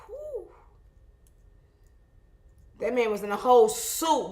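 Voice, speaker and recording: A young woman photographer chatting casually to viewers while she edits, talking in an animated, exclaiming way. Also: a little high, slow, pauses often. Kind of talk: casual vlog chat while editing photos. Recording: echoey room.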